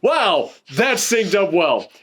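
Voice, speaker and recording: A man's voice: sits high, big pitch swings, takes it slowly, fairly bright tone, slightly rough. A man hosting a casual film review chat, rambling and laughing often while sitting on a couch. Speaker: podcast host reviewing films.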